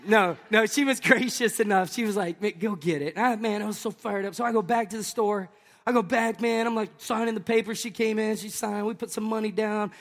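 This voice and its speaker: Pastor guy in his 30s, high voice, joking around w the crowd, big echoey church. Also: a little fast. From Tennessee. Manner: animated, jokey, talks to the crowd. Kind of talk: humorous sermon storytelling.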